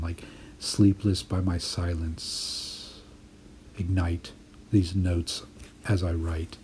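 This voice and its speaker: A man teaching poetry writing in a voice-over lesson, explaining his drafts in a thoughtful, measured way. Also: sits low, mellow, a little hiss or hum.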